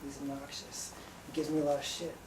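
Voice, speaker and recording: A sleep-deprived man telling a rambling stand-up story in a deadpan way, recorded live in a small venue from a distance. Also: medium pitch, brisk, background noise. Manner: rambling, deadpan, breaks into laughter. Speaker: stand-up comedian. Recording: echoey room from far off.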